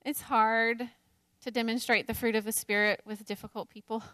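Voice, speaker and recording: A woman in her thirties teaches a Bible study in a slightly high voice, candid and self-deprecating, breaking into laughter often. The sound is dry and close, with no room around it. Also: flat delivery, moderate pace, sharp tone, dry recording.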